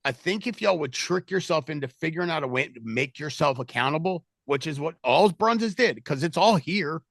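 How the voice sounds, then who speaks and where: A man's voice: fairly high pitch, expressive, normal speed, vocal fry, fairly bright tone, dry recording, clean studio sound. A man leading a sales team call, giving a direct, motivational pep talk to his agents over a video call.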